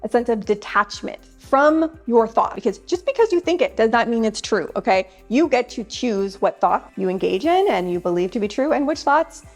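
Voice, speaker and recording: A woman's voice: on the high side, lively intonation, normal speed, few pauses, soft background music. A woman in her thirties sharing wellness tips straight to camera, earnest and chatty, speaking directly to her viewers. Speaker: self-help vlogger.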